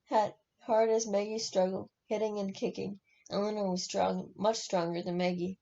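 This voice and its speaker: Woman reader, novel read aloud; gravelly, mellow tone, frequent self-corrections, dull lo-fi sound. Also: medium pitch, little pitch movement, normal speed. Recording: dull lo-fi recording.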